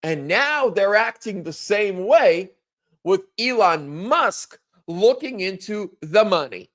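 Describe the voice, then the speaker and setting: A man in his thirties hosting a casual political monologue, animated, acting out quotes in a higher voice. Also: slow pace. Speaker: political commentary host.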